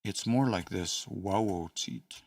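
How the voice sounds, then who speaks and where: A man's voice: on the low side, lively intonation, normal speed, fairly bright tone, no room sound, studio quality, recorded from a distance. A man hosting a casual study session, thinking aloud with hesitant restarts and small chuckles. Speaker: host studying a language.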